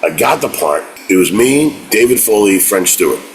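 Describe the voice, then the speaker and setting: A man casually recounts behind-the-scenes stories from his acting career, acting out the lines people said. His voice is low and deep, and he tells it with animated energy. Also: moderate pace, slight background noise, poor audio. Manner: animated, acts out quotes in voices. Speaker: actor telling stories. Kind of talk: casual anecdote.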